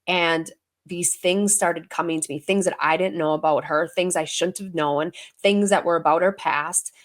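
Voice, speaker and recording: A woman guest on an interview podcast, telling her story in a casual, animated way and acting out the voices she quotes. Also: lowish voice, moderate pace. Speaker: guest, intuitive healer and medium.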